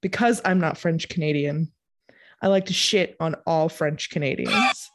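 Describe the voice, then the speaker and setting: A woman's voice: deep voice, measured pace. A woman co-hosting a podcast in casual chat, playful and teasing. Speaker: podcast co-host.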